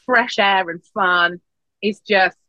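A woman talking casually as a podcast guest, telling lively stories and putting on high voices for quotes. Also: slow pace, no room sound. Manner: animated storyteller, acts out quotes in a high voice. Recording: dull, dry lo-fi sound.

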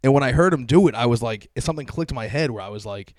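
A man's voice: medium pitch, expressive, quick pace, hardly any pauses, darkish tone. A man from the area, chatting casually in a loose, rambling way full of "like" and laughs. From Boston area. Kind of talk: casual chat.

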